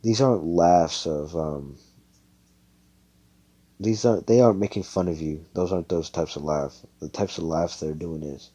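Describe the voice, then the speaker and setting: A blunt young male hero who talks plainly to a friend, voiced by a man retelling a story. Casual and crude with a low pitch. A warm, dark tone. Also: moderate pace.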